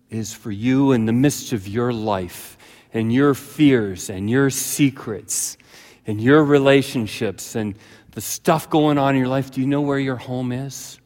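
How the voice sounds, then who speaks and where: A man preaching a sermon as pastor, telling a childhood story with lively acted-out voices. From British Columbia, Canada. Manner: animated storyteller, jumps to high frantic voices when acting out his childhood self. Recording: long reverb of a large hall.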